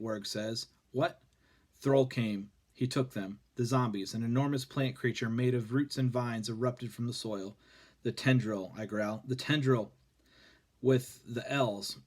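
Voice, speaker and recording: Guy reading a kids' book out loud, steady and plain, mid-pitched voice. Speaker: reader. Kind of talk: reading a children's novel aloud.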